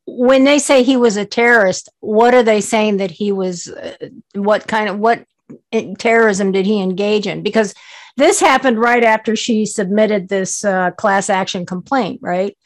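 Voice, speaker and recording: Female interviewer, mid pitch, direct and probing follow-ups. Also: a little slow. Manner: asks pointed follow-up questions. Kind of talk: interview questions.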